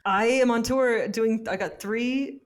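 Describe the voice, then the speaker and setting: A woman's voice: a little high, takes it slowly. A woman co-hosting a podcast, chatty and easygoing, with fillers. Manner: chatty, listing tour dates with fillers. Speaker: podcast co-host. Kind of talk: casual chat.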